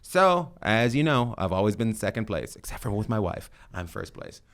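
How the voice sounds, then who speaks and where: A man's voice: lowish voice, very animated, moderate pace, fairly bright tone. A middle-aged man hosting a podcast, chatting in a rambling, joking, self-deprecating way. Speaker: podcast host. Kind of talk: casual chat.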